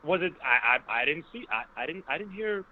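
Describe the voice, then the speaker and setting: A male caller talks sports over the phone, rushing ahead with restarts and strong emphasis. The line is thin and tinny, and his voice sits a bit high. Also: sing-song. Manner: rapid, stumbling restarts, emphatic.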